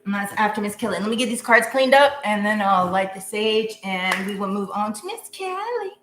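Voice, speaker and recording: A woman's voice: medium pitch, expressive, brisk, a bit bright. A woman giving a casual live tarot reading, chatty and goofy, laughing often. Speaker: tarot reader. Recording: echoey room with faint hum.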